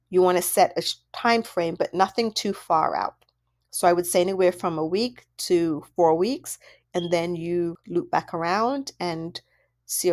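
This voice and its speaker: A woman's voice: fairly low pitch, moderate pace, darkish tone. A woman coaching parents in an audio workbook, talking conversationally and asking many rhetorical questions. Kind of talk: instructional audio workbook talk.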